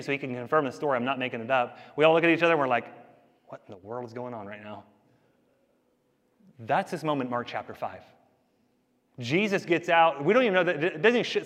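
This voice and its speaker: A man preaching a sermon in a casual, conversational way, telling stories and swinging between loud and quiet. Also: on the high side. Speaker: pastor. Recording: long reverb of a large hall.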